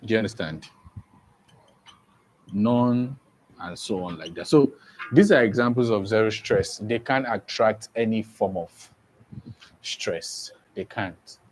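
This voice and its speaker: Slow, repetitive male English teacher. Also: lowish voice, darkish tone, a little hiss or hum. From Nigeria. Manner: slow, repetitive, checks understanding often. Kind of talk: exam-prep lesson.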